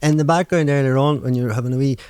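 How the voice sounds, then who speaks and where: A man hosting a podcast, chatting in jokey, excitable banter. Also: mid-range voice, very fast, clear, resonant tone, no room sound. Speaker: podcast host. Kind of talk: casual chat.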